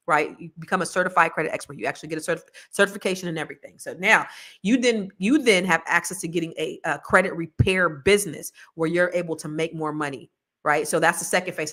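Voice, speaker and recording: Woman podcast host, middle-aged, chatty and off-the-cuff, lower voice. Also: fairly bright tone. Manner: chatty, rambling, laughs a lot, slangy. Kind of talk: casual chat with viewers.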